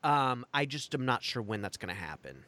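A man's voice: mid-range voice, big pitch swings, brisk, pushed and bright. A man co-hosting a casual podcast, laughing often and hesitating with fillers. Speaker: podcast co-host.

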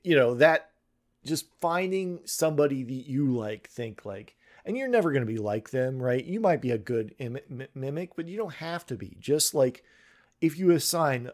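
A man's voice: mid-range voice, expressive. A man who runs tabletop games, chatting casually on a podcast and often stopping to restart his thoughts. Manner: halting, full of restarts. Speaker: tabletop game master.

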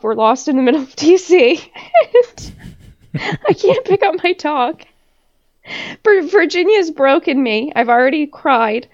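High-voiced woman telling a profane story. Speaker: podcast co-host. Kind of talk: casual chat. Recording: dull lo-fi recording.

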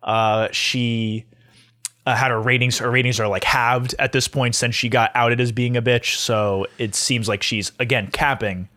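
A man's voice: mid-range voice, little pitch movement, a little slow, sharp tone, no room sound, studio quality. A man co-hosting a podcast, chatting casually and recapping gossip with lots of filler words and swearing. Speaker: podcast co-host. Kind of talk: casual chat.

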